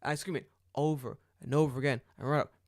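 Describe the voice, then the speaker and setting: A man, a podcast co-host telling a story in casual chat, animated and profane, acting out the dialogue loudly. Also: medium pitch, fast, no room sound, studio quality.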